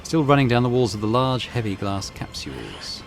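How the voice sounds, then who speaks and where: A man hosting a let's play video, reading game text aloud and commenting offhand in a relaxed way. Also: medium pitch, normal speed, vocal fry, faint music behind. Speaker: gaming video host.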